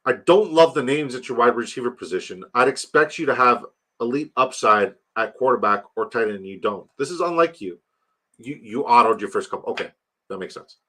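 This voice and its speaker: A man's voice: mid-range voice, lively intonation, a little fast, a bit bright. A man live-streaming fantasy football, grading viewers' drafts in a loose, joking, sometimes profane way while rattling off lists of player names.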